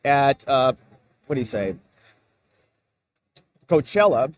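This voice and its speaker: A man's voice: mid-range voice, sing-song, takes it slowly. Chatty man hosting a livestream. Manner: chatty, eating while talking. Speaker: livestream host. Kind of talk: casual livestream chat. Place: convention hall booth. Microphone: phone camera.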